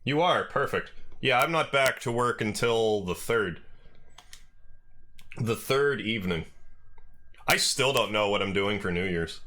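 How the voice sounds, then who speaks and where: A man with a Canadian accent chatting casually with viewers on a game livestream, relaxed and rambling. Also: on the low side, measured pace, long pauses. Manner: relaxed, rambling, self-deprecating. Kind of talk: casual chat with viewers while gaming.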